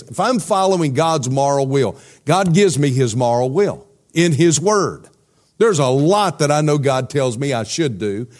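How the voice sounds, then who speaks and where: A man preaches to his congregation. His voice sits a little high, and he keeps checking in with his listeners. He explains in a relaxed, talkative way. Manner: conversational preaching with rhetorical questions to the congregation. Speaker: pastor. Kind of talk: sermon.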